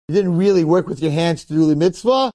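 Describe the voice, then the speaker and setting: A man, a rabbi, telling a story in a sermon in an animated, colloquial way and acting out the characters. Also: fairly high pitch, a little fast, no room sound.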